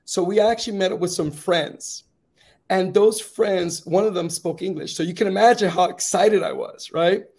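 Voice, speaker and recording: Man, fairly high voice, gravelly, slightly raspy, earnest storyteller, interview guest, rousing encouragement. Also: moderate pace, darkish tone. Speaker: guest speaker. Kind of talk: telling a personal story.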